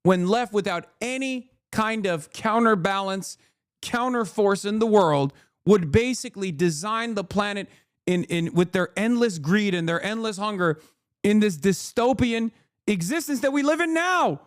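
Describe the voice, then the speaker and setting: Livestream ranter, male, thirties, high-pitched, dry mic, heated and profane. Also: expressive, normal speed, no room sound. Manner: ranting, profane, emphatic. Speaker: political streamer.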